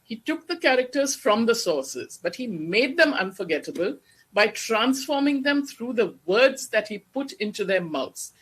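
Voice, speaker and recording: Bright voice, mid pitch, academic lecture, measured and explanatory. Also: big pitch swings, breathy edge. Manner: measured, explanatory, slows down to recite verse. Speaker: guest lecturer on Shakespeare.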